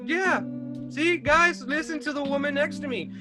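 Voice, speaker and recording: Guy with a really high bright voice, crude jokey podcast host, faint music behind. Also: normal speed. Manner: crude, joking, laughs often. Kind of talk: casual podcast chat.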